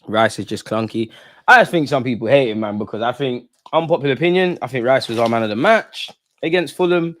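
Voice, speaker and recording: A man's voice: medium pitch, brisk, a bit bright, no echo, studio quality. A man hosting a live football watch-along, talking in a casual, opinionated, rambling way full of slang. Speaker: football fan channel host.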